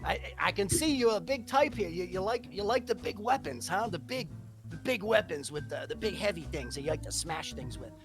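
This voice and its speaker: A man's voice: high voice, music in the background, voice pushed up. A man voicing an eager male halfling shopkeeper with a New Jersey accent and pushy salesman patter. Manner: excitable, fast-talking salesman patter.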